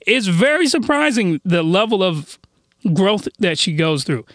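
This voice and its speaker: Excited young man reviewing anime. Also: sits high, unhurried, no echo, clean studio sound. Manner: enthusiastic, laughing, lots of restarts. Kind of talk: casual review chat.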